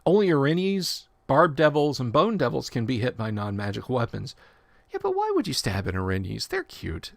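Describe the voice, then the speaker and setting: A man with a gravelly, mid-pitched voice reads game rules on a livestream. He works through the text at an easy pace, stopping for joking asides and correcting himself as he goes. The sound is dry and close to the mic. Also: huge pitch swings, brisk, no room sound. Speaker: livestream host. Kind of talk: casual livestream reading and commentary.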